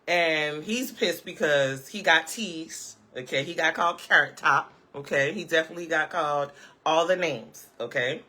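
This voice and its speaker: Sassy, emphatic woman vlogger, bright voice. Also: sits low, moderate pace. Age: adult, parent of a school-age child. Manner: sassy, emphatic, punctuates points with "okay?" and laughs. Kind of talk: casual live-chat commentary.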